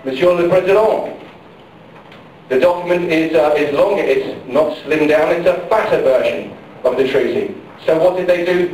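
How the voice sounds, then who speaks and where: A man's voice: high voice, darkish tone. A middle-aged man giving an impassioned political speech at a public forum, repeating questions and phrases for emphasis. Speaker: campaign speaker at a public forum. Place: large public hall during a power failure. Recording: very echoey hall, picked up from far off, faint noise.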